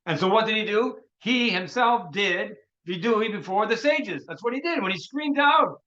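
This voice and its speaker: In an animated lecture for a workshop, a rabbi retells a Talmudic story at a moderate pace. His voice is high and bright, he restarts phrases often, and he works Hebrew terms in along the way, all on a dull, lo-fi recording.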